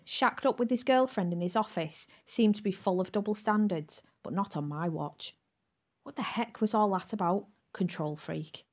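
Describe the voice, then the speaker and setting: A woman narrating a first-person romance audiobook in a lively, frank voice. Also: mid-range voice.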